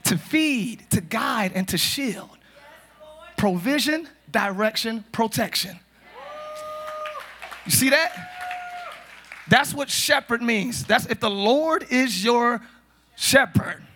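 High-voiced, bright-toned preacher man. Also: slow pace, pauses often, slight background noise. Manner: animated, joking, breaks into shouts. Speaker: pastor. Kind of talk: lively preached sermon. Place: church service. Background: congregation responding.

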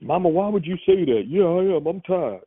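A man's voice: high voice, animated, moderate pace, husky, no echo, voice pushed up. A man voicing his weary younger brother complaining that he is tired, over a tinny phone line. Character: tired younger brother, rough street talk.

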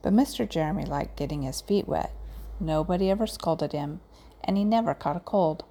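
A woman narrating a children's storybook aloud in a gentle, measured way. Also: low-pitched, creaky.

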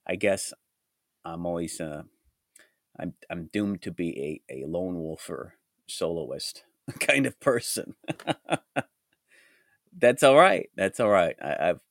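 A man hosting a solo podcast with a groggy, hoarse voice from a cold, talking in a rambling, reflective way. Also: low voice, lively intonation, measured pace, no echo, studio quality. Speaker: podcast host. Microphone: studio mic.

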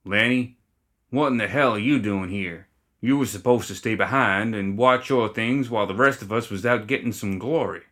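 A man's voice: fairly low pitch, normal speed, a bit bright, natural voice. A man voicing a goofy, reckless male gremlin gang leader who talks in a lazy, easygoing drawl.

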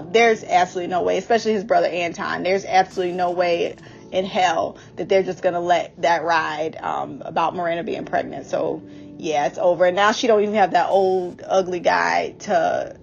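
A woman's voice: medium pitch, gravelly, dull audio. A woman giving a casual, blunt and profane TV recap. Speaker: podcast host recapping a TV series.

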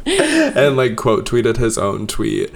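A male podcast co-host talking in loose, casual chat. His voice sits at an ordinary middle pitch. He gets animated and blunt, laughs a lot, and swears freely when something irritates him. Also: takes it slowly, vocal fry.

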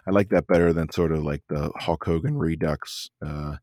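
A man's voice: very deep voice, steady tone, moderate pace, a little mellow, no echo, clean studio sound. A man co-hosting a casual wrestling review podcast, rambling with lots of fillers and restarts. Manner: rambling, many fillers and restarts, laughs often. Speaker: podcast co-host.

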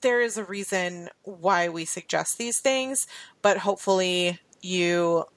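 A woman co-hosting a podcast in casual chat, chatty and quick to laugh. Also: lowish voice, no echo. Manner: chatty, laughs often, trails off. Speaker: podcast co-host.

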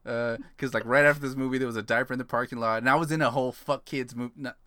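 A man's voice: medium pitch, fairly even intonation, fast talker, bright, forceful tone. A man from San Antonio, co-hosting a casual movie podcast, ranting and swearing freely. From San Antonio, Texas. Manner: ranting, swearing, laughing between jokes. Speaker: podcast co-host. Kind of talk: casual profane movie chat.

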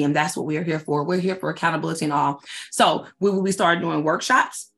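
Effusive woman in her forties, lowish voice. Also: fairly even intonation, a little fast, gravelly, fairly bright tone. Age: 40s. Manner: upbeat, effusive, repeats herself for emphasis; slangy, addresses audience as y'all. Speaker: faith-based life coach and event host. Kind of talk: casual announcement chat to followers.

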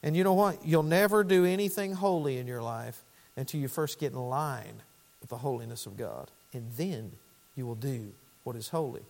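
A pastor preaching a sermon with fervour, dropping to quiet pleading and then rising to loud urgency. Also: male voice, mid-range voice, moderate pace, vocal fry. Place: church sanctuary. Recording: long church hall reverb.

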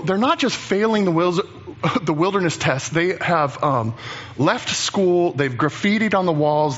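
A man preaching a sermon as pastor, animated and chatty, acting out the voices of Bible figures. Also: a little high, dull audio.

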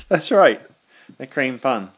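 A man co-hosting a podcast, chatting casually in a deadpan, joking way. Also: mid-range voice, slightly rough. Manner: deadpan, joking, absurd banter. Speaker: podcast co-host. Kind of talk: casual chat.

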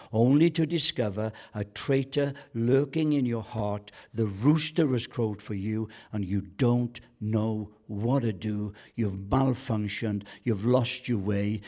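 A man's voice: fairly low pitch, dark tone. A man preaching a sermon as a guest pastor, colloquial and joking, building to passionate calls to the congregation.

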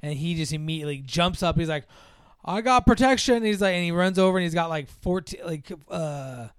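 A man's voice: fairly high pitch, a little fast, clean tone, no echo, clean studio sound. A man in casual chat recapping a film's plot, rambling with lots of fillers and acting out the characters' lines.

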